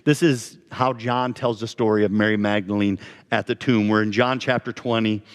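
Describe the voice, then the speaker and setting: A man's voice: lowish voice, steady tone, normal speed, smooth. A male pastor preaching a sermon in a conversational way, asking his congregation questions. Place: church sanctuary. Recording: long church reverb.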